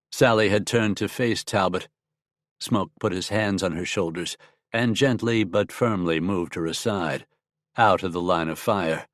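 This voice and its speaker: A man narrating a western audiobook in an even, measured storytelling manner. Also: lowish voice, no echo, clean studio sound. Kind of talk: scripted narration.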